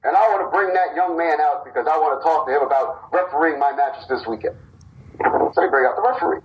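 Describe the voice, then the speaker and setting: A man's voice: a little high, fast talker, highs cut off. A man co-founder of a wrestling company, casually telling a long story on a podcast and acting out the quotes.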